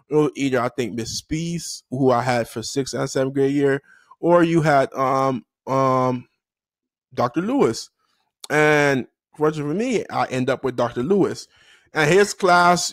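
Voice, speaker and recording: Animated young man with a Miami accent. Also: on the high side, no room sound, studio quality. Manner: animated, laughs often, slangy. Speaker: storytime vlogger. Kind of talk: casual storytelling vlog.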